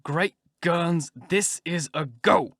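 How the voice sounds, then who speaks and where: Man voicing scheming con-man duke, storybook, chuckling, drawn out, slightly high. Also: takes it slowly, creaky, a bit bright, dry recording, studio quality, full character voice. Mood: pressing. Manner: drawling, chuckling.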